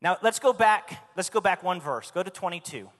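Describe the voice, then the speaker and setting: A man's voice: sits high, lively intonation, normal speed, a bit bright. A man preaching a sermon in a church, speaking emphatically and asking the congregation questions. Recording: long hall reverb.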